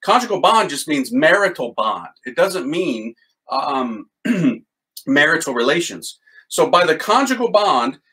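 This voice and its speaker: A man teaching a Catholic devotional series with excited commentary on quotes, then leading a litany prayer. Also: high-pitched, rough recording. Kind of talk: enthusiastic spiritual teaching and prayer.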